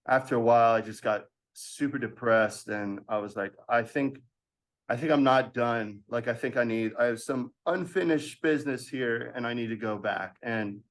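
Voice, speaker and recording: Man telling a lively story. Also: mid-range voice. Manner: animated storyteller acting out quoted voices with laughs. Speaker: podcast guest. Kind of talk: storytelling in a casual interview.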